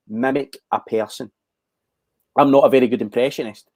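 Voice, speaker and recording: A Scottish man in his forties, an actor talking in a casual interview, thoughtful and halting with frequent restarts. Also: medium pitch, a little mellow, no echo. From Scotland. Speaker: actor, guest.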